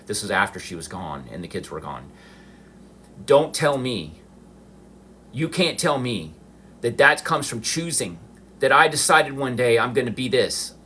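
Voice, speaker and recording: A middle-aged man telling a personal story on a livestream, emotional and halting, restarting his sentences. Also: mid-range voice, fairly bright tone, slight background noise. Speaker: livestream host.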